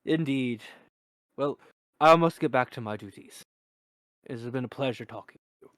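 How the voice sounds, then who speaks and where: A man voicing a composed male court official who speaks in a formal, measured way. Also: mid-range voice, fairly bright tone, no room sound, close to an everyday voice. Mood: polite.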